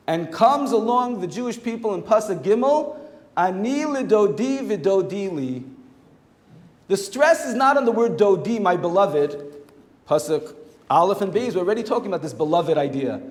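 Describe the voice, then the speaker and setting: A man, a rabbi, teaching a Torah class in a lively, animated way and acting out the quoted voices. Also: sits high, moderate pace. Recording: echoey hall with long reverb.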